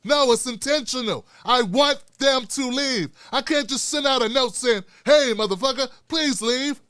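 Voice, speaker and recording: A man's voice: very high-pitched, normal speed, a bit bright, no room sound, studio quality. A middle-aged man hosting his own show, delivering blunt, emphatic, profane commentary with lots of repetition. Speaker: show host. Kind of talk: impassioned solo commentary.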